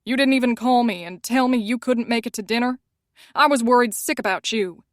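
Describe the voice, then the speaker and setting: A woman's voice: on the high side, brisk, dry recording, clean studio sound, lightly acted. A woman reading an audiobook, voicing a tired, defensive young man who is a famous musician. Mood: angry.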